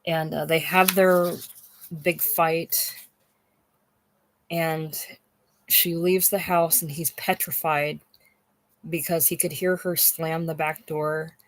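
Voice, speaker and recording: A person rambling about a novel in an unscripted monologue, halting and repeating words, circling back to a point and swearing for emphasis. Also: medium pitch, level tone, a bit bright. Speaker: book discussion host.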